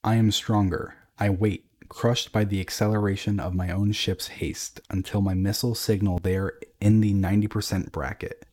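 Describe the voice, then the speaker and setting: A man reading a dramatic first-person story in a grave, measured way. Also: on the low side, little pitch movement, darkish tone.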